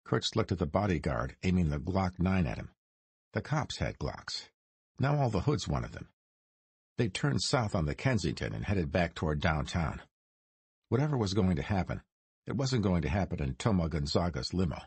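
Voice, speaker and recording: A man narrating a crime noir audiobook in a measured storytelling manner. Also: low voice, very animated, breathy edge, no room sound.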